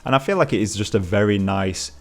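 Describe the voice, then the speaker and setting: A man with a fairly low voice, co-hosting a loose chat about video games. He talks in a relaxed, rambling way and often sounds amused. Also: fast. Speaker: co-host. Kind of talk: casual gaming chat.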